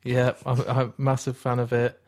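A man's voice: mid-range voice, monotone, moderate pace. A man co-hosting a podcast, talking passionately about his favourite actors and telling anecdotes. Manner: passionate, storytelling. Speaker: podcast co-host. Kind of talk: casual film chat.

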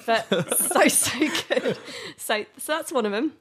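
A woman's voice: on the high side, moderate pace, fairly bright tone, slight background noise. A woman with a slight lisp, chatting and giggling as a podcast guest. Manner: giggly, chatty, self-deprecating. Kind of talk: casual podcast chat.

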